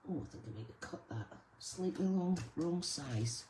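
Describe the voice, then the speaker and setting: A woman's voice: on the low side, animated, moderate pace, noisy background. A Scottish woman hosting a live crafting stream, chatting casually and greeting viewers by name as she works. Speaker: crafting channel host.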